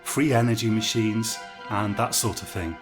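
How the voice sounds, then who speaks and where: A man's voice: on the low side, fairly even intonation, normal speed. A man narrating a scripted story in a wry, conversational way. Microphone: USB studio mic. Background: faint incidental music.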